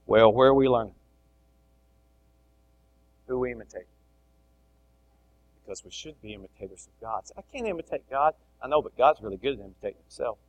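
A middle-aged man preaching a sermon, animated, swinging between loud emphasis and soft asides. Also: medium pitch, brisk, long pauses, highs cut off. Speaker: pastor.

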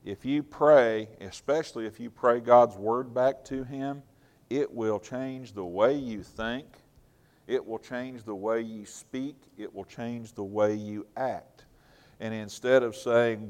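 A man preaching a sermon with earnest emphasis, swinging between loud and soft and chatting in asides. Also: medium pitch, fairly even intonation, slow pace.

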